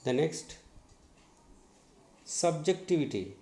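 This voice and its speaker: A male English teacher giving a lesson, spelling words letter by letter and repeating each one slowly. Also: fairly high pitch, very animated, warm tone. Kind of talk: classroom lesson on syllables. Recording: echoey room.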